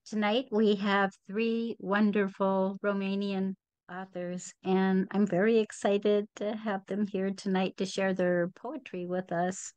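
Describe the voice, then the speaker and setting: A woman's voice: mid-range voice, darkish tone, clear, resonant tone. A woman hosting a reading series, welcoming the audience and reading a guest's bio. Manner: reads a guest bio aloud. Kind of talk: introducing readers.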